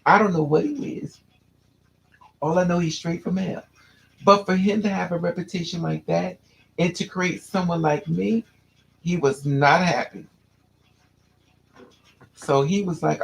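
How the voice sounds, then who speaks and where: Man, fairly high gravelly voice, recounting a painful past in a candid, halting way. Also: poor audio. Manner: candid, restless, repeats and restarts phrases. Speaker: storyteller. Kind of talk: personal storytelling to a listener.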